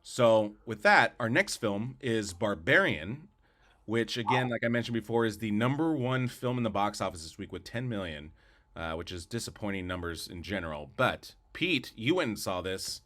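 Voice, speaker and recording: An animated podcast co-host with a lowish, slightly bright voice reviews movies at a moderate pace. He's opinionated and rambling, often repeating words and restarting his thoughts.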